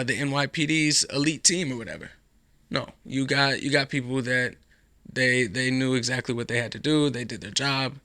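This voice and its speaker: Hosting his own show solo, a man rambles through casual commentary in a medium-pitched, pushed, bright voice. He's sarcastic and sometimes drops to a whisper for effect.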